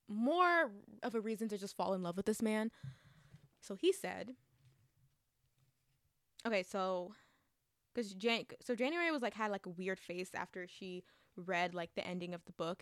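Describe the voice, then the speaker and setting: Gushing young woman with a smooth voice. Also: mid-range voice, moderate pace, pauses often, dry recording, clean studio sound. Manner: gushing, chatty, many fillers and restarts. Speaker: book reviewer. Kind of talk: casual book review chat.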